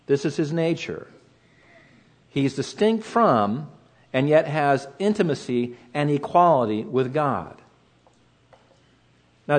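A pastor giving a measured sermon, slowing down to stress key phrases as he reads and explains scripture. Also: mid-range voice.

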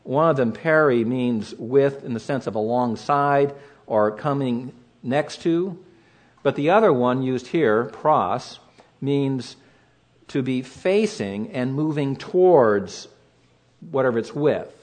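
A pastor delivers a measured sermon, reading and explaining scripture and slowing down to stress key phrases. His voice is mid-range with lively intonation.

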